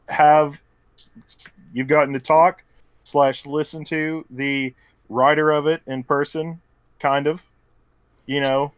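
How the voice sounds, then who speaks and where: A man's voice: a little high, clean tone, dry recording. A man co-hosting a podcast, chatting casually and recommending a manga in an upbeat, teasing way. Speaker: podcast co-host. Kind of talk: casual chat. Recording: dry muffled lo-fi mic.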